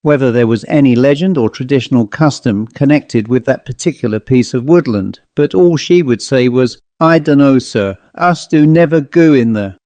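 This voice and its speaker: A man's voice: mid-range voice, moderate pace, hardly any pauses, a little mellow, dry recording, lo-fi sound, close to an everyday voice. A man voicing a shaken man who hates woods. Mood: grave.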